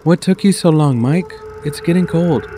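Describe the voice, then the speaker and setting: A man's voice: on the high side, normal speed, warm tone, pitched above the performer's own voice, natural voice. A man voicing a stern, secretive middle-aged mother who speaks in clipped commands, in a spoken horror story. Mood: impatient. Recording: noisy home recording.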